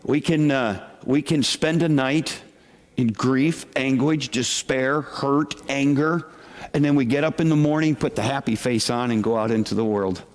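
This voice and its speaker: Slow-speaking male pastor, reverberant hall. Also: medium pitch. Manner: conversational, asks the congregation questions. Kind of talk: sermon. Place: church sanctuary with congregation. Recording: long reverb of a large hall.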